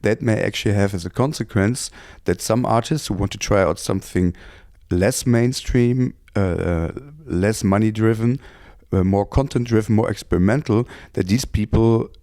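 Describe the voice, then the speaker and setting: Low, mellow German-accented man. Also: normal speed, no room sound, clean studio sound. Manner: thoughtful, hesitant with many fillers. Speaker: interviewee, composer. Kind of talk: reflective interview.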